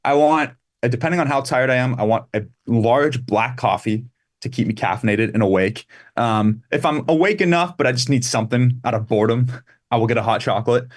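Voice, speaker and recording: A man's voice: mid-range voice, fairly quick. A man from Canada chatting casually as a guest musician, rambling through lists and laughing easily. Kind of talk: casual interview chat.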